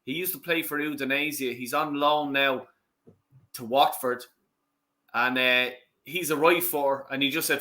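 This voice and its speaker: An Irish man hosting a football watch-along, chatting casually and swearing loudly at the match. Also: medium pitch, moderate pace.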